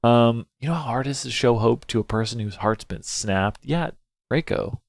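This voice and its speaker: A game streamer with a gravelly, mid-range male voice talks at a moderate pace through a let's play of a story game. He comments anxiously, swears, and reads some dialogue aloud half in character. The recording is dry, with game music playing behind him.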